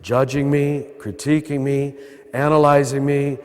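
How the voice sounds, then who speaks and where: Older American priest in cathedral reverb. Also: male voice, medium pitch, level tone, measured pace, darkish tone, clean tone. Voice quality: throaty. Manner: conversational, wry asides. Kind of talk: spiritual talk to a live audience. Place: large cathedral.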